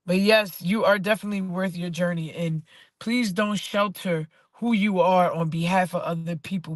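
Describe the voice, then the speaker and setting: With a fairly low voice in studio-quality audio free of room sound, a woman poet speaks casually about faith and perseverance. Her delivery is emphatic and inspirational, and she repeats phrases to drive them home.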